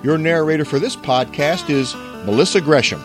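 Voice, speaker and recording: A man's voice: a little high, animated, moderate pace. A man reading a scripted podcast network introduction in an upbeat way. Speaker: network announcer. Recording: guitar music behind.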